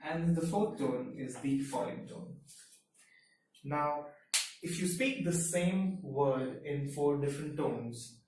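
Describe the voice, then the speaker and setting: A man whose first language is Hindi teaches a language lesson and explains each point step by step. He speaks slowly and deliberately at a mid pitch. His voice bounces around a very reverberant room, picked up from a distance with a faint hiss behind it. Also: expressive, a little mellow. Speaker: Mandarin teacher. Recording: very echoey room, mic far off, faint hiss.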